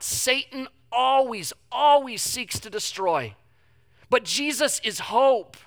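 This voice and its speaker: A man's voice: very high voice, bright, forceful tone. A man in his thirties preaching a sermon in an emphatic, conversational way, often repeating phrases for effect. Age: 30s. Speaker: pastor.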